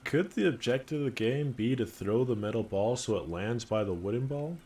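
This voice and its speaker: A man's voice: medium pitch, lively intonation, brisk, a little mellow, a little hiss or hum. A man streaming a game live, joking around and reading the dialogue aloud in his own voice.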